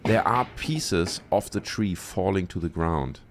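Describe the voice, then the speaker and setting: A man's voice: low voice, expressive, unhurried, slight background noise. A man from Germany hosting a video channel, giving joking, sarcastic commentary on viral clips. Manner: joking, sarcastic, laughs at footage. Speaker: YouTube host reacting to viral clips. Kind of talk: casual commentary.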